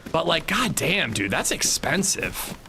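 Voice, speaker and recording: A man's voice: a little high, sing-song, measured pace, creaky, noisy background. A man in his thirties streaming a game, chatting casually and joking with his chat in a rambling way. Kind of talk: casual livestream chat while gaming.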